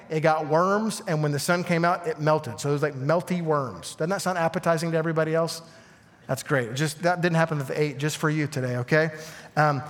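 A man with a high voice delivers a lively sermon, tossing questions and asides to his congregation. His voice rings out with a long reverb from a church hall. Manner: animated preaching with asides to the congregation. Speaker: pastor.

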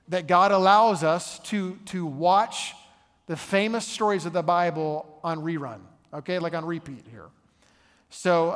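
A male pastor preaching a sermon in a church, conversational and animated as he tells the story. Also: a little high, long reverb tail.

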